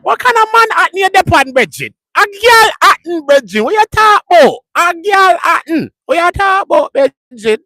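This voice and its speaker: A man putting on a loud, joking Jamaican man with a Jamaican accent, stretching words and shouting. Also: very animated, exaggerated voice. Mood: loud, teasing. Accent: put-on Jamaican. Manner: high, shouting, drawn-out words.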